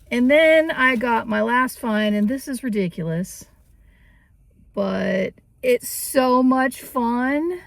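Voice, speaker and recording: A woman vlogger chatting cheerfully about her vintage finds, giggling often. Her voice sits a little high with a gravelly fry, and she takes her time over every phrase. The sound is close and dry. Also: animated, slow, no echo. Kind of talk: casual vlog chat.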